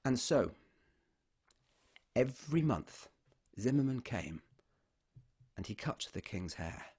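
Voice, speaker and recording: A man telling a folk tale aloud, animated and swinging between loud and hushed delivery. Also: mid-range voice, slow, slightly rough. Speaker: storyteller. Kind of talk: oral folk storytelling.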